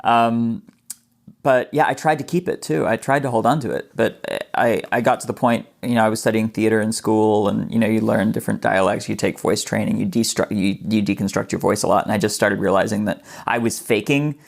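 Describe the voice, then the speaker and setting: A man's voice: lowish voice, fairly even intonation, a little fast, vocal fry. A man from Australia with a mostly American accent that keeps faint Australian traces, speaking as a guest in a casual interview. He talks freely and humbly, often restarting words. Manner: chatty, self-deprecating, stumbles on word starts. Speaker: magician guest.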